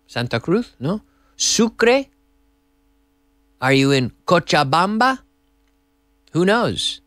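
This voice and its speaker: A man's voice: high voice, sing-song, slow, fairly bright tone, no room sound. A man hosting a live-stream English lesson, chatting casually and reading out viewer messages from a TV studio. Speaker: English teacher and host.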